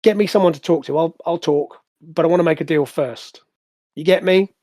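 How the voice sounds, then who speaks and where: Man doing a high, stammering, whiny crook. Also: warm tone, dry recording, studio quality, lightly acted. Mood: demanding. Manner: high, pleading, rapid, stammering. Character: jittery small-time male crook, greedy, whiny.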